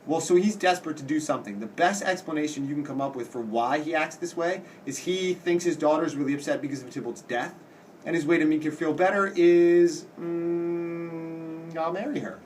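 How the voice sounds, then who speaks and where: A man teaches in a relaxed, chatty way, slowing down to read quoted lines with dramatic weight. His voice sits a little high for a man. He is recorded from some distance, with a faint hum of noise behind him. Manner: explains plainly and reads quoted lines slowly and dramatically. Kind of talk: casual classroom-style lecture.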